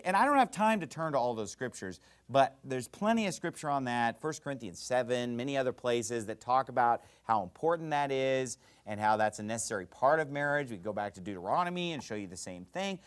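A man preaching a sermon as pastor, fiery and emphatic, swinging between loud bursts and quiet asides. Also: mid-range voice, lively intonation, fairly quick, few pauses, clear, resonant tone.

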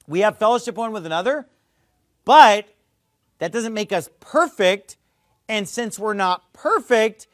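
Casting: male pastor, high and very animated voice, emphatic preaching, dry close sound. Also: no echo. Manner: emphatic, swings between loud and low, mimics others mockingly. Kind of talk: sermon.

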